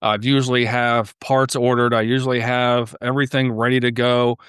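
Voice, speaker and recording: A man's voice: moderate pace, smooth, no echo, clean studio sound. A man, a podcast guest, telling stories in casual conversation and acting out what people said in a raised voice. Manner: animated storyteller, acts out quotes in a higher voice. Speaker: podcast guest, car YouTuber.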